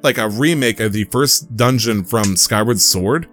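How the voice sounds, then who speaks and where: A man's voice: on the low side, unhurried, fairly bright tone, soft background music. A young man hosting a podcast, telling a rambling story in casual chat and swearing freely. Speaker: podcast host.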